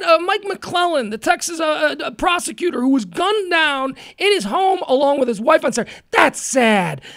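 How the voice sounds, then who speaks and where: Talk radio host, incredulous rant, high and swooping, close dry mic. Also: no echo. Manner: ranting, incredulous, animated. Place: radio studio.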